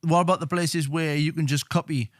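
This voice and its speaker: A man's voice: fairly high pitch, fairly even intonation, fairly quick, dry recording, clean studio sound. Crude rambling podcast guy. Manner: crude, rambling, swearing banter. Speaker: podcast co-host. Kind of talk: casual chat.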